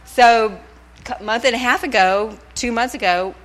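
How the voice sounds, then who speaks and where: A woman's voice: a little high, normal speed, fairly bright tone. A middle-aged woman telling a personal testimony at a church service, laughing often as she speaks into a handheld mic. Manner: chatty, laughing storyteller. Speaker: church member giving a testimony. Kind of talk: nervous church testimony story. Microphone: handheld microphone.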